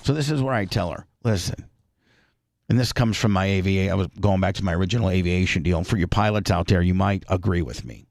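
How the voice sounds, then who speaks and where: A middle-aged man hosting a talk radio show, telling a rambling, animated story full of crude slang. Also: deep voice, fast talker, hardly any pauses, no echo, studio quality.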